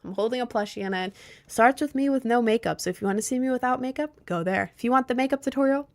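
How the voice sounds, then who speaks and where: A woman's voice: fairly high pitch, fast talker. Breathless giggly young woman. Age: 20s. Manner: giggly and rambling. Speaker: streamer. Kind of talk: casual chat.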